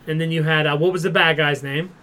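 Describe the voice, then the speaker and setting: A man's voice: a little high, steady tone, quick pace, bright, forceful tone. A man on a casual podcast who retells a comic-book plot with lots of "like" and brief quoted voices. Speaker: podcast co-host. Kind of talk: casual chat.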